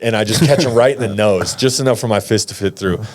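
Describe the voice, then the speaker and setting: Male guest, 30s, American, low voice, slangy animated storyteller. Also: quick pace. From United States. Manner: animated, slangy, acts out quotes. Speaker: podcast guest. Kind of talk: casual storytelling.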